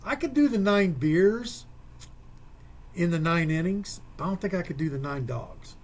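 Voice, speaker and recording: A man with a slightly husky, somewhat high voice hosts a casual radio sports talk segment. He jokes, tells stories and thinks through numbers out loud. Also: expressive, normal speed. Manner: joking, storytelling, thinks aloud with math.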